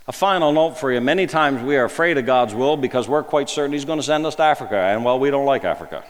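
A man's voice: mid-range voice, expressive, a little fast. Man preaching in a reverberant hall. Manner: conversational, full of rhetorical questions, swings between emphatic and hushed. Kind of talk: sermon.

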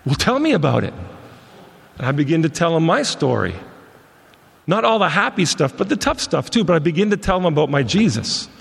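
A man's voice: on the high side, big pitch swings, fairly quick, creaky, fairly bright tone, husky. A man from Montreal, a ministry leader, telling stories in a folksy sermon talk. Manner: folksy anecdotal storyteller. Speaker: ministry leader and guest speaker. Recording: long reverb of a large hall.

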